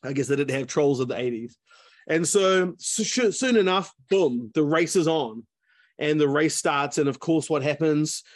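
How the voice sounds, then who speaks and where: A man's voice: a little high, normal speed, no echo, clean studio sound. A man telling a story in a casual, chatty way, full of asides, over a video call. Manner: chatty, lots of fillers and asides. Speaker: speaker.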